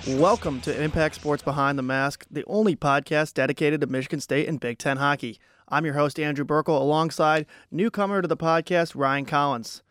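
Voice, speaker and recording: A man's voice: fairly high pitch, brisk, hardly any pauses, fairly bright tone, dry recording, soft background music. A young man hosting a casual sports podcast, chatting with a co-host and thinking aloud through fillers and restarts. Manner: conversational, with frequent fillers and restarts.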